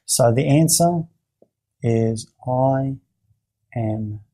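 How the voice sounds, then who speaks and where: Halting, mellow-voiced man teaching therapy. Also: mid-range voice. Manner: halting, with frequent repeated words and restarts. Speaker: therapy trainer. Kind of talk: explaining a therapy exercise.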